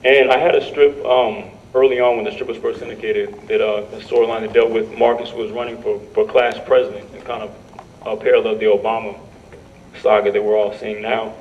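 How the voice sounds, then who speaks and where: A man on a panel walks through his comic strips in a relaxed way, chuckling now and then. He is heard from some distance from the mic. The sound is dull, with a faint hum behind him. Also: lowish voice, a little fast. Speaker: cartoonist panelist. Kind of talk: panel presentation with read-out comic dialogue. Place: lecture room panel.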